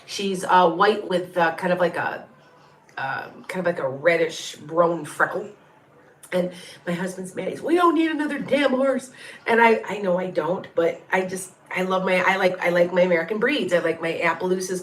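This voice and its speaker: Rambling, heartfelt woman with a lowish voice. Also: steady tone, normal speed, reverberant. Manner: rambling, heartfelt, frank and a bit salty. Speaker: psychic medium and tarot reader. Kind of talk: casual livestream chat with viewers.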